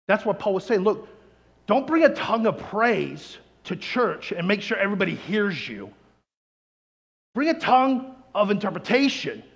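Man, preacher, sermon storytelling, high voice, echo of a long hall. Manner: animated, acts out quoted people.

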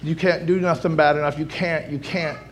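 A man preaching a sermon as pastor, moving from soft pleading to loud shouting and repeating phrases for emphasis. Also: a little high, fairly even intonation, normal speed. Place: church sanctuary.

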